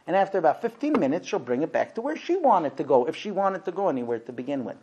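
A man's voice: on the high side, very animated, fast, a little mellow, breathy edge, lo-fi sound. A man lecturing a class about marriage, animatedly acting out both sides of conversations.

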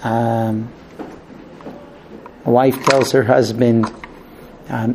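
A man giving a lecture, animated, acting out quoted exchanges in raised voices. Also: medium pitch, takes it slowly, pauses often, background noise. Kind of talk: spoken lecture to an audience.

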